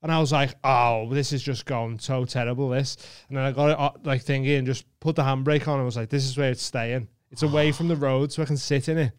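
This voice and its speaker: A man's voice: mid-range voice, fast, few pauses, clean tone, dry recording, studio quality. A man co-hosting a podcast, telling a story in casual chat with plenty of swearing. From England. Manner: swearing, animated anecdote with laughs. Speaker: podcast co-host.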